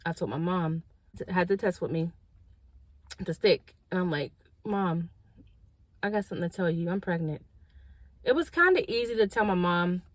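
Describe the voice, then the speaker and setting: A lowish-voiced woman speaks at a moderate pace with long pauses, in a dry recording. It's a storytime vlog, where she casually recounts something personal, acting out quoted dialogue with animation and talking to viewers as y'all in a slangy, direct way.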